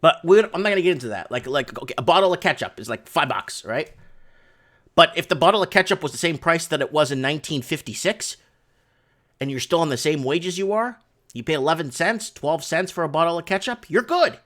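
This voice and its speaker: Rambling, high-voiced livestream host. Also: male voice, fairly quick. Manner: rambling, excitable ranting. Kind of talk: casual livestream talk reading chat.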